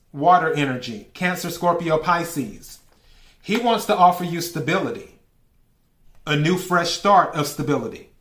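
A man reads tarot cards in a slow, drawn-out way, his voice sitting a bit high. He asks for each card politely and laughs easily along the way. The room around him rings with echo. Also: fairly bright tone. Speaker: tarot reader. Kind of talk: casual tarot reading. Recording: echoey room.

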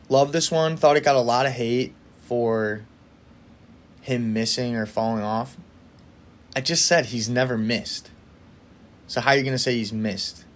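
A man hosts a laid-back solo podcast, speaking in a mid-range voice. He talks casually and with strong opinions, and he often speeds up in excited bursts. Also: mid-range voice. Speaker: podcast host.

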